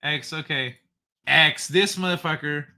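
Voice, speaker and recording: A man's voice: fairly high pitch, unhurried, bright, forceful tone. A man hosting a casual livestream, reading chat aloud in a loose, profane way and laughing often. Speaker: livestream host.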